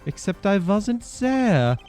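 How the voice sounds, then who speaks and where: A man doing a cold, measured villain lawyer. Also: sits high, very animated, darkish tone, soft background music, pitched above the performer's own voice, full character voice. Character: calm, sinister middle-aged male defense lawyer. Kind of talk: live game dialogue reading.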